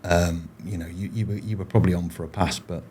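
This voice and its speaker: A man's voice: deep voice, steady tone, fast talker, a little mellow, husky. A man, a former paratrooper, telling his stories in a casual interview, rambling with frequent restarts and fillers. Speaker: podcast guest, former paratrooper.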